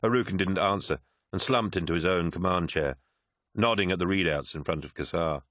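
A man narrating an audiobook in a measured, grave manner. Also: low voice, a bit bright, dry recording, clean studio sound.

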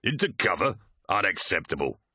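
A man voicing a fierce, brutal male warrior captain who barks his words loudly and scornfully. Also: low voice, very animated, normal speed, breathy edge, dry recording, clean studio sound, exaggerated voice. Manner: loud, barking, scornful.

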